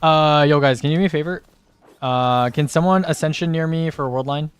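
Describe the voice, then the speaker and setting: A man's voice: on the high side, brisk, clear, resonant tone, dry recording. A man streaming a video game, trading blunt, profane, joking banter with his teammates. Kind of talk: casual gaming banter with teammates.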